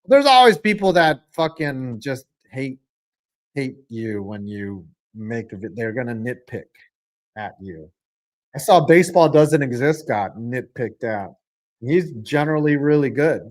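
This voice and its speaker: A man's voice: mid-range voice, slow. A young man streaming a live football game, calling plays, reading chat and cracking crude jokes. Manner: jokey, profane, swings from flat mutters to excited outbursts. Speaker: streamer and sports commentator.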